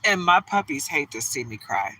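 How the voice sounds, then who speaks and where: A woman's voice: low voice, sing-song, moderate pace, bright, forceful tone, recorded from a distance, poor audio. A woman giving a tarot reading in casual chat, laughing often and drifting into stories, from a car. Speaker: tarot reader.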